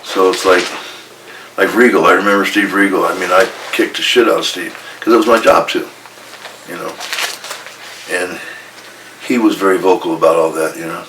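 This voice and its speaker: Low-voiced, profane man telling stories, echoey room. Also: steady tone, moderate pace, background noise. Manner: blunt, profane, retells arguments in quoted dialogue. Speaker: retired pro wrestler guest. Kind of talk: candid storytelling interview. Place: indoor room with a coffee maker. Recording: echoey room, distant mic.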